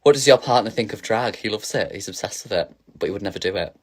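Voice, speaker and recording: A man's voice: lowish voice, quick pace. A man casually chatting on a phone livestream as a drag performer, reading viewer questions aloud and answering with camp, giggly energy.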